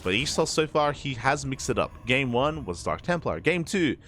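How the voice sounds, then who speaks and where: A young man doing live play-by-play commentary on a strategy video game, sleepy and slightly slurred, excitable during fights. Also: medium pitch, normal speed, background noise. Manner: excitable, drowsy between fights. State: just woke up, slurring. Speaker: esports caster.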